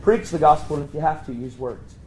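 Animated preacher man telling a story. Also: a little fast, low-quality recording. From Pennsylvania. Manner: animated, acts out quoted voices with sudden high jumps. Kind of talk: storytelling sermon.

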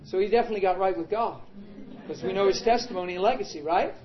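A man preaching a sermon in an emphatic, animated way, calling out to the congregation. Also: high-pitched, fast talker, echoey room, muffled recording.

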